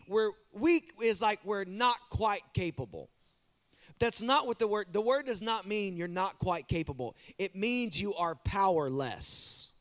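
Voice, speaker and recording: High-voiced pastor preaching animatedly. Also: male voice. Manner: animated, repeats words, talks straight to the congregation. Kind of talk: sermon. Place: church.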